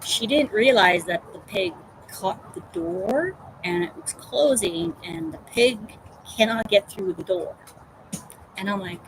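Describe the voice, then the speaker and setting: A woman hosting a casual crafting livestream, telling animated stories about her pet and reading out viewer comments. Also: medium pitch, slow pace, long pauses, background noise. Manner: chatty storytelling, animated. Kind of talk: casual chat.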